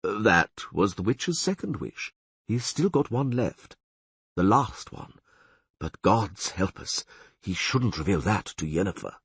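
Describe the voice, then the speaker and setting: A man's voice: fairly low pitch, sing-song, husky, no room sound, exaggerated voice. A man doing a gloomy, grave priest. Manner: gloomy, measured. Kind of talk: audiobook character voice.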